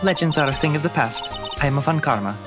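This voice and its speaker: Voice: mid-range voice, fast, lightly acted. Streamer putting on a haughty young woman prosecutor, clipped, imperious, game music. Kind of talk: fan dub of a game.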